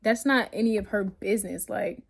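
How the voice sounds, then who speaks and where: A woman's voice: medium pitch, moderate pace, gravelly. A woman vlogger reading her own notes aloud in a casual rant, blunt and profane, often breaking into laughter.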